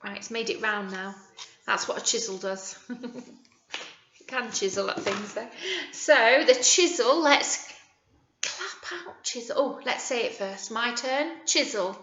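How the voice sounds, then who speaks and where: A woman teacher with a British accent leading a young children's phonics lesson, modelling words slowly and encouragingly. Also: a little high, sharp tone, slight background noise. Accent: British English. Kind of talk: early years phonics lesson. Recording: echoey room, dull lo-fi sound.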